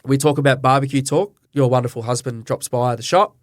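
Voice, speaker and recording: A man's voice: medium pitch, brisk, no echo. A middle-aged Australian man, a butcher and business owner, telling his story candidly and with feeling in an interview. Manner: earnest, emotional storyteller who acts out quoted dialogue.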